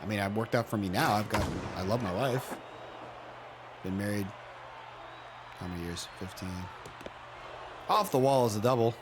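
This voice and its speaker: A man in his thirties doing casual play-by-play of a baseball video game, chatty and joking, with excited outbursts. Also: lowish voice, moderate pace, pauses often, very noisy. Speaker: play-by-play commentator.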